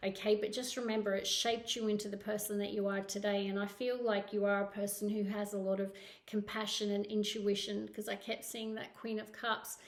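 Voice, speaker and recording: A woman's voice: medium pitch, a little hiss or hum. A woman with a Scottish accent giving a monthly tarot reading to camera, effusive and emotional, often checking in with "okay?". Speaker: tarot reader. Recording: roomy echo.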